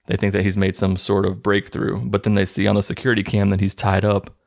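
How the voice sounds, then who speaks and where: A man with a lowish, gravelly voice talks through a movie's plot in a casual, sarcastic way. He sounds incredulous and amused as he mocks the story. The fry in his voice gives it a rough texture. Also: completely flat delivery, quick pace, a little mellow. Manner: mocking, incredulous, loose. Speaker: movie recap host.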